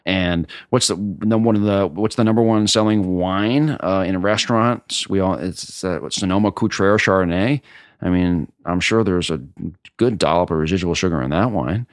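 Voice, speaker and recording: Casting: low, gravelly man, fired-up wine importer, dry close sound. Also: a bit bright, no echo. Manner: passionate, emphatic, combative. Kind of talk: interview answer.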